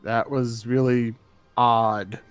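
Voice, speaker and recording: A man's voice: mid-range voice, little pitch movement, slow, clear, resonant tone, no echo, faint music behind. A man playing a character in a tabletop game, giving short, matter-of-fact replies. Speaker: player. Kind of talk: casual in-character play.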